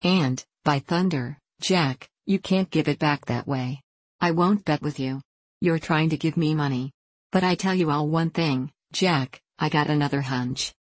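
A woman's voice: low-pitched, unhurried, no room sound. Woman reading as Daylight, a brash prospector. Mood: bold. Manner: swaggering backwoods dialect, boastful. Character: brash male frontier gold prospector.

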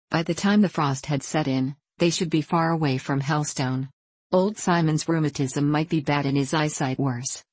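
A woman narrating a classic novel as an audiobook in a calm, even reading. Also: sits low, dry recording.

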